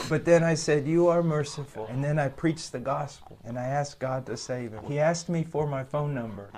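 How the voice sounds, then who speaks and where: A man preacher telling a personal story with mounting energy, acting out the quoted exchanges and getting louder as it goes on. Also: on the high side, normal speed, few pauses, slight background noise. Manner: builds from calm to loud, laughing retelling. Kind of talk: animated storytelling.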